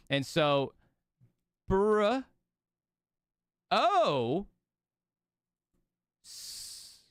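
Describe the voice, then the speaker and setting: Sweary, animated young male streamer. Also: fairly high pitch, dry recording, studio quality. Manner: profane, ranting, animated storytelling. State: sleepy, yawning. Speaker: streamer hosting a watch party. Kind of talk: casual live-stream chat.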